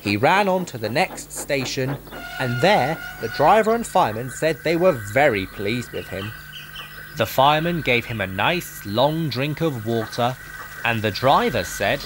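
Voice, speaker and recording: Expressive male storybook narrator, animated, with a noisy home recording. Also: medium pitch, unhurried. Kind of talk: storybook reading.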